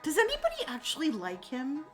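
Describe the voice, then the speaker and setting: A woman in a casual live-stream chat, talking straight to her viewers in an animated way and swearing freely. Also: high-pitched, a little fast, faint music behind.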